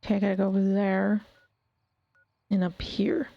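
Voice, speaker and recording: A woman's voice: mid-range voice, little pitch movement, normal speed, creaky, no room sound. A woman streamer chatting casually to herself while playing a game. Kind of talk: casual gameplay commentary. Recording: dull dry stream mic.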